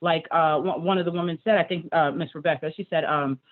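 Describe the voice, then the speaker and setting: Hesitant parent on a tinny call. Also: female voice, low-pitched, steady tone, fast. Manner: hesitant, many fillers. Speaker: parent at a board meeting. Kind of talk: public comment on a call. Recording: tinny phone-like call audio.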